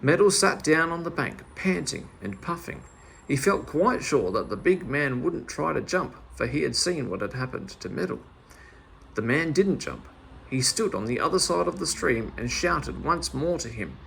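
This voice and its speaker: A man reading a children's story aloud in a lively, expressive manner. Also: fairly high pitch, normal speed, vocal fry, slightly rough.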